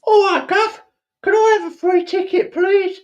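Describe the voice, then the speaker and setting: A man voicing a cheeky, eager male Cockney servant in a squeaky high falsetto, as a comic improvised impression. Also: fairly even intonation, measured pace, highs cut off.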